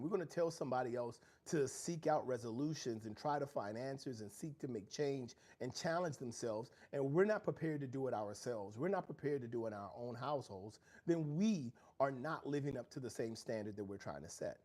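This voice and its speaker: A man's voice: mid-range voice, lively intonation, fairly quick, hardly any pauses, warm tone. A middle-aged man hosting a motivational livestream from home, talking earnestly about growth and challenge. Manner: earnest, preachy, reads out viewer chat. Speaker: livestream host.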